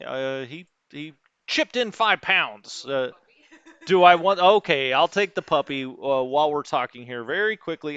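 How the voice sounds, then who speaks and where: A man's voice: fairly high pitch, animated, a little slow, a bit bright, clean tone, no echo, dull audio. A man streaming a strategy wargame, muttering through unit numbers and chatting with his live chat. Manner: thinks aloud, muttering over unit numbers.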